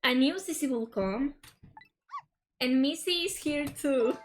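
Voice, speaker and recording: A woman voicing a cheerful, trusting little girl from a video game, reading her lines quickly and happily. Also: high voice, faint music behind. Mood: glad.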